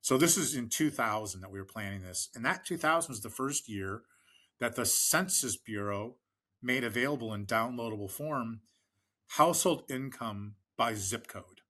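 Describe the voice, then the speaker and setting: A man's voice: medium pitch, moderate pace, sharp tone. A middle-aged American man, a fundraising expert and interview guest, telling long anecdotes with frequent fillers and restarts and acting out the people he quotes. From United States. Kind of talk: conversational storytelling in a podcast interview.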